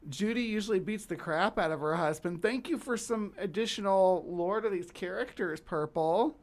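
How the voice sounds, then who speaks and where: A woman's voice: mid-range voice, normal speed. A woman hosting a casual livestream, chatty and rambling as she reads aloud and reacts to viewers. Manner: chatty, rambling, reading aloud with fillers and restarts. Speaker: livestream host.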